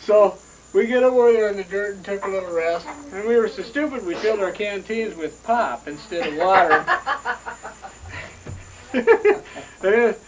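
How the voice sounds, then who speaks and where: A man casually telling a family story at a home gathering, folksy and laughing as he goes. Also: high-pitched. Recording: distant voice, noisy home video.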